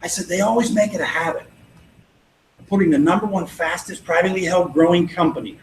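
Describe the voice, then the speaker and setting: This man speaks briskly in a high-pitched voice. He's a network marketing trainer at an event venue, giving a persuasive, confident sales pep talk full of anecdotes where he acts out the dialogue for both parties, and the recording carries echo and faint background noise.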